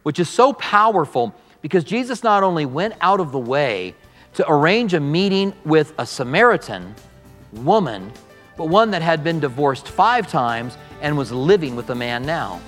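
A man pastor preaching a verse-by-verse sermon, telling the story with animated delivery and acting out the dialogue. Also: on the high side, normal speed, long reverb tail, faint music behind.

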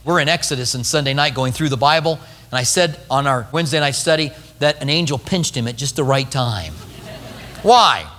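A male pastor preaching a sermon, telling a story with lively acted-out quotes. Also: medium pitch, fairly quick, long reverb tail, a little hiss or hum.

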